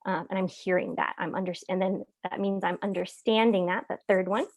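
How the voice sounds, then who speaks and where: A woman's voice: medium pitch, steady tone, fairly quick, a little mellow. Chatty woman presenting a parenting webinar. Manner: conversational, many "um"s and "right?" check-ins. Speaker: therapist leading a parenting webinar.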